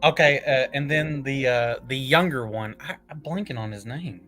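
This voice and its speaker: A man hosting a casual comic review chat, excitable, laughing often and swearing casually. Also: medium pitch, normal speed, soft background music.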